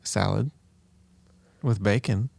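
A man's voice: lowish voice, slow, vocal fry, darkish tone, no echo. A man in his thirties co-hosting a podcast, chatting casually with a dry, joking manner. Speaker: podcast co-host. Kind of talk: casual chat.

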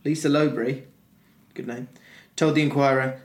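A man's voice: mid-range voice, expressive, a little fast. Chatty male podcast host. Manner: chatty, jokey, reads news stories aloud. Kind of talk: casual chat.

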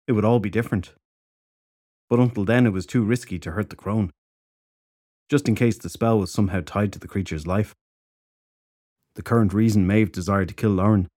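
A man narrating a fantasy novel audiobook in a steady, even storytelling manner. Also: fairly low pitch, no echo, clean studio sound.

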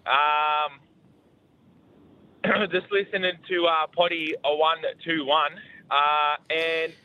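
An Australian man leaves a casual voice message full of swearing. His voice sits fairly high and comes through thin and tinny, as if over a phone line. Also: level tone, takes it slowly, smooth. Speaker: caller.

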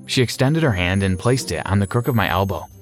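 A man narrating a scripted story in a steady, measured reading voice. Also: low-pitched. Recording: music behind.

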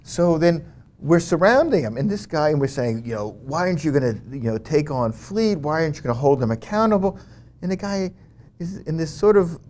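A man appears as an interview guest, telling a story in a lively, conversational way, his talk full of "you know" fillers and restarts. His voice is fairly high and brisk, with a little background noise.

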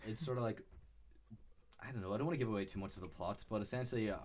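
A man's voice: fairly low pitch, very fast, a crowd in the background. A man on a podcast recommending a film, hesitant and full of fillers. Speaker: podcast co-host. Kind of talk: casual film chat.

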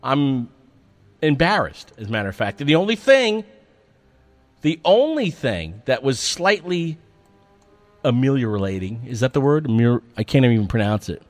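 A man hosting a radio show, telling a story in a wry, self-mocking monologue, swearing freely and swinging between loud outbursts and quiet mutters. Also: mid-range voice, sing-song, moderate pace, no echo. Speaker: radio host.

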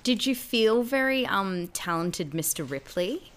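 A woman's voice: medium pitch, expressive, measured pace. A young woman co-hosting a podcast, chatting casually and teasing her friend. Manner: playful teasing, laughs often. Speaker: podcast co-host. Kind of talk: casual chat.

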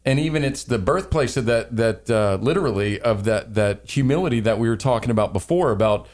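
A man's voice: mid-range voice, expressive, brisk, darkish tone. A man co-hosting a casual conversation, earnest and playful with mock quotes.

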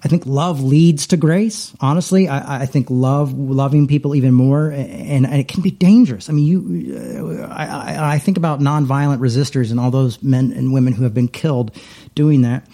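A man's voice: mid-range voice, moderate pace, dark tone. A middle-aged man, a pastor, talking casually in a rambling way, with many restarts and repeated words. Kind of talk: casual conversation.

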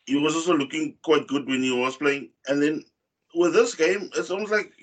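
A man's voice: fairly high pitch, moderate pace. A man in casual football chat, rambling with many fillers and restarts as he recaps a match. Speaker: football podcast co-host.

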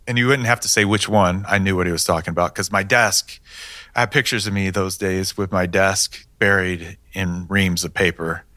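A man's voice: deep voice, fairly even intonation, normal speed, sharp tone, dry recording. A man, a police detective, telling his case in a matter-of-fact way with dry humor. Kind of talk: storytelling interview answers.

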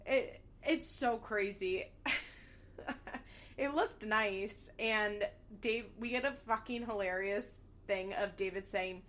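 A woman's voice: medium pitch, takes it slowly, fairly bright tone. A young woman casually recapping a reality show, candid and sarcastic, swearing freely as she gossips about the cast.

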